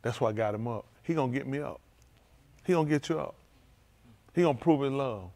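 Male pastor, loose vernacular sermon delivery, moves between low murmurs and loud high exclaiming. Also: brisk, gravelly. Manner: speaks in informal, vernacular English.

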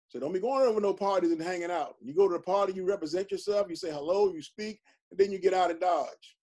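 Man, pastor, high voice, conversational, emphatic Bible study talk. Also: quick pace, a little mellow. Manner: conversational, emphatic, frequent "you know". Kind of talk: informal Bible study teaching.

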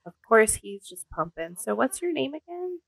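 A woman hosting a let's play, commenting in an excitable, giggly and crude way. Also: on the high side, moderate pace, creaky, slightly rough. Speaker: gaming video host.

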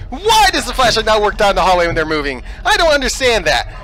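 High bright ranting gamer man. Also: wildly swooping pitch, brisk, faint music behind. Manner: ranting, swearing at the game, swings between yelling and hushed muttering. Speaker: let's play gamer. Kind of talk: live gameplay commentary.

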